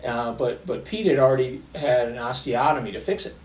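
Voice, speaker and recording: A middle-aged man, an orthopaedic surgeon, tells stories in a relaxed way, with many fillers and restarts. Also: mid-range voice, fairly quick, echoey room, recorded from a distance, a loud crowd, rough recording. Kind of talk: conversational storytelling interview.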